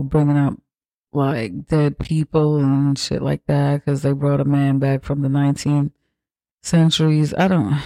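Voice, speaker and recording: A podcast host rambles through a horror film recap with heavy profanity and constant filler words. The voice is gravelly with a dark, mellow tone. The recording is dry and close. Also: medium pitch, no room sound.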